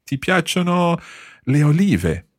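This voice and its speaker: A man's voice: a little high, big pitch swings, unhurried, dry recording, studio quality. A man teaching a language lesson, patiently asking questions and encouraging his students.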